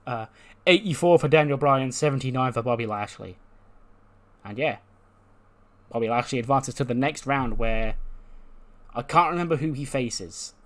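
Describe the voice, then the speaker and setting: A man's voice: medium pitch, fairly bright tone. A man hosting a gaming channel, narrating a wrestling sim playthrough in a casual, rambling way and correcting himself as he goes.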